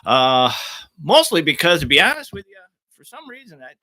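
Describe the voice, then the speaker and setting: A man's voice: on the high side, big pitch swings, moderate pace, bright, forceful tone, no echo. A middle-aged man, a little under the weather, talking casually and rambling to his golf vlog audience in an offhand, self-deprecating way. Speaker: golf vlogger. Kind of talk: casual rambling monologue to camera.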